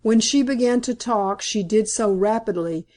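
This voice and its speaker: A woman reading a classic novel aloud as an audiobook narrator, in a measured, composed manner. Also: a little high, a little mellow.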